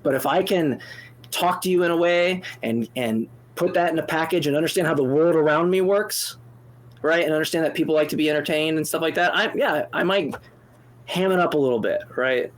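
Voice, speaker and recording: A man co-hosting a call-in debate show, animated and exasperated, speaking in fast bursts with restarts and swearing freely. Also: a little high. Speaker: co-host answering a caller.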